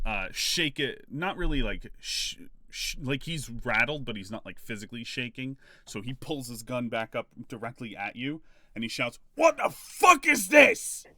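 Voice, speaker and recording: A man narrating a tabletop game as game master, in halting, filler-heavy speech. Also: medium pitch, pushed and bright, no room sound.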